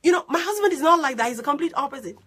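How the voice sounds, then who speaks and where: Loud, excitable woman with a strident voice. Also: high-pitched, very fast. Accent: unusual mixed accent. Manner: excitable, animated storytelling. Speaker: life coach. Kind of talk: live-streamed motivational talk.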